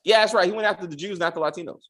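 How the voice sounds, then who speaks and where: A man hosting a casual review show, talking in an animated, profane way. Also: high voice, racing, noisy background. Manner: animated, profane, quotes characters in put-on lines. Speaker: podcast host reviewing a TV episode. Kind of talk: casual chat.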